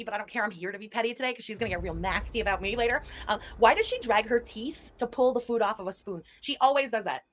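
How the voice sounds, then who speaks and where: A woman's voice: fairly high pitch, a bit bright, a little hiss or hum. A woman hosting a livestream reaction commentary. She is chatty and sarcastic and laughs often. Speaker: commentary channel host.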